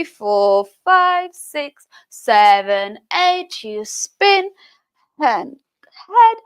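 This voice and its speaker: A woman's voice: high voice, fairly bright tone, clear, resonant tone. A woman teaching a chair burlesque fitness class, counting beats aloud with encouraging, sing-song cues. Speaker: dance fitness instructor.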